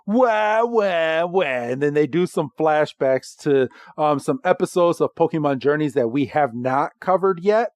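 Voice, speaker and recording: A man co-hosting a podcast, casually recapping a cartoon episode in a rambling, halting way. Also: on the high side, darkish tone, dry recording, clean studio sound. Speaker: podcast co-host.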